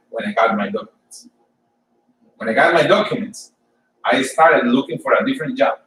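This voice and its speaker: A man from Colombia, giving an informal sermon and personal testimony for a church service, halting and often repeating words as he tells his story. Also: mid-range voice, roomy sound, far from the mic, slight background noise, rough recording. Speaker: church speaker.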